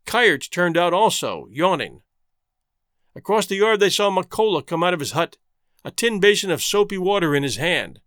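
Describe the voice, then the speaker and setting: A man reads a story aloud with a lively, rising and falling delivery. His voice sits a little high for a man, and the recording is dry and close, with no room sound. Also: dry recording. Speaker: narrator. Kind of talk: scripted story narration.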